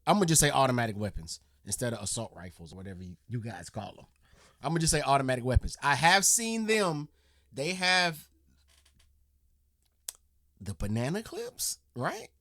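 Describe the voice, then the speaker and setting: Animated, bright-voiced man reacting. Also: medium pitch, no echo, clean studio sound. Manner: rambling, slangy, thinking out loud. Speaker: reaction video host. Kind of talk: casual reaction commentary.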